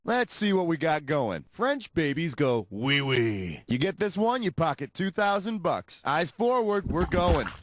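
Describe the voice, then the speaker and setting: A snarky, high-voiced trivia host. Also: male voice, big pitch swings, dry recording, clean studio sound. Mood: wisecracking. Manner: snarky, jokey, quick asides. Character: wisecracking sarcastic male trivia game show host. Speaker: game show host. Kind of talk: scripted video game hosting. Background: game music.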